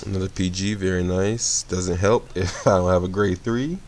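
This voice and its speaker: A sleepy young man talks through a card game in a low, deep voice, loose and rambling and often correcting himself mid-sentence. A faint hum sits under his voice. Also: moderate pace. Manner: relaxed, rambling, self-correcting. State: sleepy, yawning. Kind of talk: casual gameplay commentary.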